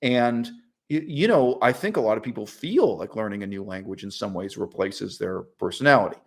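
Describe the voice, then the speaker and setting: A man's voice: on the low side, moderate pace, creaky. A middle-aged man hosting his own channel, talking in a casual, opinionated monologue full of asides and short laughs. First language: English. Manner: animated and opinionated, frequent fillers and laughs. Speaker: channel host.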